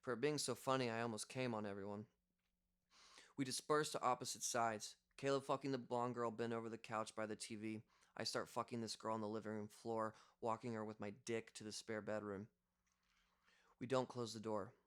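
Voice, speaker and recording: A man's voice: on the low side, fairly even intonation, a little fast, a bit bright, smooth. A young man reading a first-person audiobook in a casual, conversational way. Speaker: audiobook reader.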